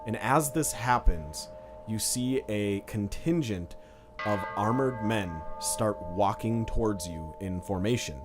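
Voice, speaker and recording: A man running a tabletop game as dungeon master, narrating casually with lots of fillers. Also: on the low side.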